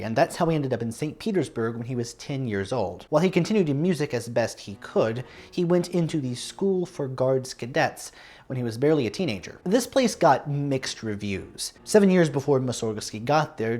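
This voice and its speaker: A man's voice: mid-range voice, darkish tone. A man hosting a music history lesson, reading a scripted narration with dry, wry asides. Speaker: music history video host.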